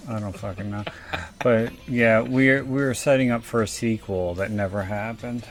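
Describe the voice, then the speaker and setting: A man's voice: lowish voice, fairly even intonation, moderate pace, faint music behind. A man with a South Philadelphia accent, co-hosting a casual podcast and rambling through profane asides. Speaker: podcast co-host. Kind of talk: casual chat.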